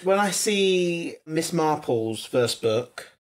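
A man chats in a playful, expressive way, and his pitch swings up and down a lot. He likes to crack jokes in between his points. The overall feel is loose and casual. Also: slow pace. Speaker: podcast co-host. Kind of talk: casual chat.

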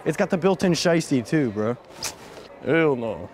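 A man's voice: on the high side, expressive, measured pace, darkish tone. A young man vlogging in casual chat, joking and swearing in a loose slangy way as he walks around a store and outdoors.

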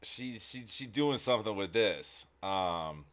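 A man with a somewhat low voice hosts a reaction video. He comments casually and excitably, rambling and restarting his sentences as he goes. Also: slow.

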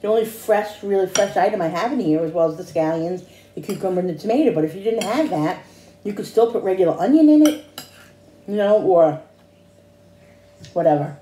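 A woman's voice: mid-range voice, expressive, a little fast, long pauses, mellow, a little hiss or hum. A woman chatting casually in a home cooking vlog, rambling with restarts and tasting hums. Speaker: cooking vlogger. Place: home kitchen. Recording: echoey kitchen with dish clatter.

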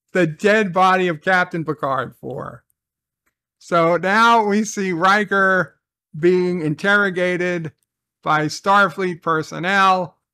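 A man with a fairly high, bright, forceful voice talks through a TV episode recap and review. He takes his time, circles back to repeat phrases, and swears casually. The sound is dry and close. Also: dry recording.

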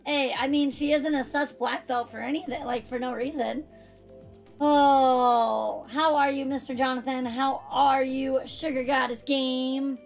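Bubbly high-voiced woman streamer. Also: fairly even intonation, a little slow. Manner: bubbly, chatty, laughs often. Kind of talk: live-stream chat while racing. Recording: music playing behind.

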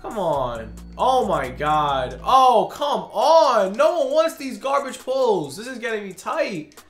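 A man's voice: high voice, big pitch swings, slow pace, faint music behind. Exasperated young man ranting over game packs. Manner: exasperated, ranting, frequent groans and sighs. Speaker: gaming video creator. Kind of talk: video game pack opening commentary. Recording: roomy echoey recording.

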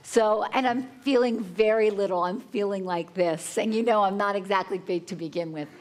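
A woman chef telling a lively story at a live cooking demonstration, acting out her own panicked reactions. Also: medium pitch, normal speed. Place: conference hall with a live audience.

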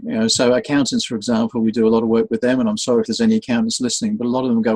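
A man's voice: medium pitch, racing, few pauses, breathy edge, no room sound, poor audio. A man being interviewed as a sales trainer, telling stories animatedly and acting out the voices of the people in them. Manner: animated storyteller, acts out quoted voices. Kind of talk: conversational interview.

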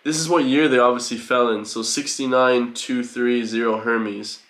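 A man giving an excitable, profane reaction commentary, full of loud exclamations. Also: medium pitch, moderate pace. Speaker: reaction video host. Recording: roomy home recording with faint music.

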